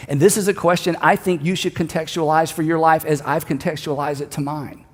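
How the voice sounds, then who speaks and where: A middle-aged man delivers a sermon with a fairly high voice, loose and conversational in his storytelling. He turns emphatic on repeated key lines. His voice carries a long reverb tail from a large auditorium. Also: steady tone, fairly quick. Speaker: pastor.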